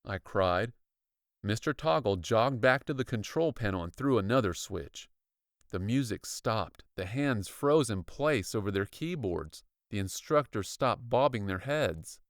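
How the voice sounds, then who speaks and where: A man reading a spooky children's book aloud in slow, dramatic scripted narration. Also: dry recording, studio quality. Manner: slow, dramatic storytelling with lively pitch. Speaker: audiobook reader.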